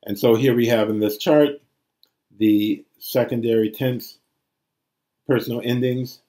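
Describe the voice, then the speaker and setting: A man's voice: mid-range voice, steady tone, measured pace, pauses often, mellow. A man teaching Greek grammar in a recorded lecture, reciting forms aloud.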